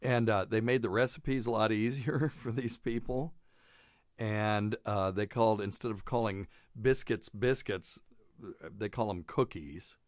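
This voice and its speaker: A man hosting a loose medical chat show, with a fairly low voice. He rambles and jokes, laughing at his own asides. The sound is close and dry, with no room in it. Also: fairly even intonation, measured pace, no echo. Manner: joking, rambling, laughs often. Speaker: podcast host, doctor. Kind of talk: casual chat.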